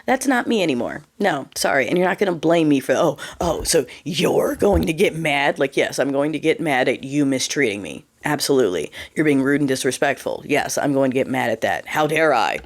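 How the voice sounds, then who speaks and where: A woman in her forties telling a personal story in a casual vlog, candid, exasperated and animated. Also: extremely low pitch, a little fast, hardly any pauses. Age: 40s. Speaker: vlogger.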